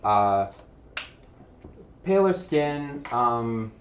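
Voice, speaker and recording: A man narrating as game master, describing scenes haltingly with many fillers. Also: mid-range voice, very animated, reverberant, lo-fi sound, a little hiss or hum.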